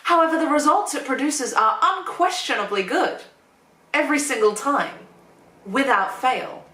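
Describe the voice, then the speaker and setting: A woman YouTuber delivering a sarcastic opinion monologue, sardonic and swearing, with deadpan asides. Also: sits high, moderate pace. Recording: echoey room, distant mic.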